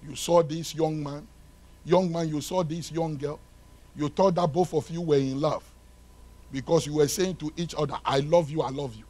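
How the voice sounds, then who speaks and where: A male pastor preaching a sermon in a church, swinging from loud shouted lines to hushed ones and acting out little dialogues. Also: on the high side, fairly even intonation, normal speed. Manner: acts out dialogue between lovers.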